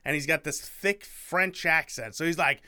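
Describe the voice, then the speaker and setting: A man's voice: a little high, normal speed, a crowd in the background. A young man co-hosting a podcast, casually retelling a book with lots of fillers and restarts. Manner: rambling, filler-heavy storytelling. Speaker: podcast co-host.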